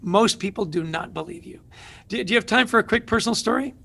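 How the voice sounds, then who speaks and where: A man's voice: sits high, fast, creaky, sharp tone. A middle-aged man, an author and guest, telling stories energetically in an interview with emphatic rhetorical questions.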